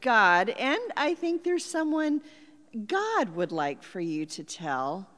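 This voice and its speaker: A woman pastor voicing a wise mother calmly encouraging her young daughter. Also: on the high side, slow pace, full character voice. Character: wise, warm mother speaking to her child. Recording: long hall reverb.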